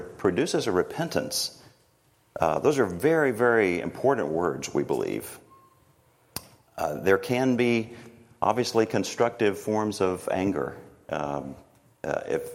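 A middle-aged man, teaching a church class on emotions in a gentle, halting way with many fillers, slowing down softly when he reads prayers. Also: low voice. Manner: slow and soft when reading prayers. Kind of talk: teaching talk with guided reflection.

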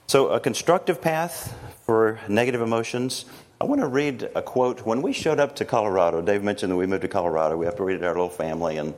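A middle-aged man, teaching a church class on emotions in a gentle, halting way with many fillers, slowing down softly when he reads prayers. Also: lowish voice. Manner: slow and soft when reading prayers. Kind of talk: teaching talk with guided reflection.

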